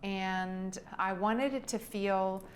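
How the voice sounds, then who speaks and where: A middle-aged woman giving a relaxed, gushing tour of her house, talking about its design and furnishings. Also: mid-range voice, takes it slowly, a little hiss or hum. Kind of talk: video house tour narration.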